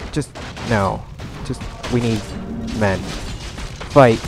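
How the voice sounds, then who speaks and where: Man, gamer, panicky, swears a lot, loud game music behind, battle sounds. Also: lowish voice, extremely slow, vocal fry. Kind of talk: live strategy game commentary.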